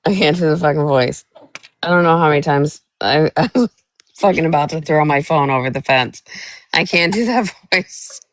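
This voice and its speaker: A woman co-hosting a live stream chat, speaking frankly and profanely with halting restarts. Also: low voice, no echo. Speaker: co-host.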